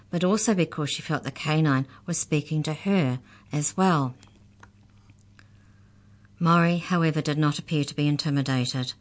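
A woman reads a children's storybook aloud, clear and expressive. Her voice sits low and calm. She keeps a steady storyteller's pace.

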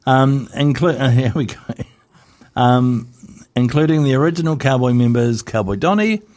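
A man's voice: mid-range voice, normal speed, a little mellow. A man hosting a casual radio chat, giggling and tripping over words as he reads out entertainment news. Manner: giggly, chatty, stumbles over words while reading. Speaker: radio host.

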